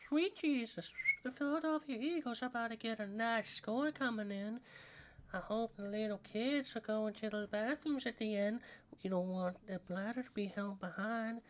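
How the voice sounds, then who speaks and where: A man voicing a wheezy old man figure who whistles his S sounds through his teeth, in a high quavering voice. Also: moderate pace, slight background noise, natural voice. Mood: leering.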